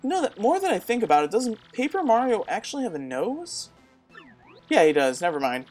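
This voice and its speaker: A woman's voice: medium pitch, big pitch swings, fairly quick, a little mellow, faint music behind. A woman casually commenting on a game walkthrough in a chatty, wry, self-mocking way. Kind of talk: casual let's-play commentary.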